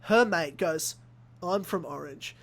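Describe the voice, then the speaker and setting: A young man from Australia, hosting a casual podcast and telling an animated story full of acted-out quotes and swearing. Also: fairly high pitch, slow. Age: young adult. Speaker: podcast host. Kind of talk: casual chat.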